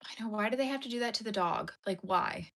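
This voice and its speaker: A woman's voice: mid-range voice, fast, fairly bright tone. A young woman streaming live as she crochets, chatting with her viewers and getting tearful over sad dog movies. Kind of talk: casual live-stream chat while crocheting.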